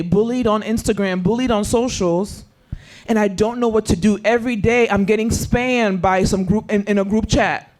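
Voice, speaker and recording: A man leading an interactive youth Bible study, asking the group questions and acting out the scripture quotes he reads. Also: high voice.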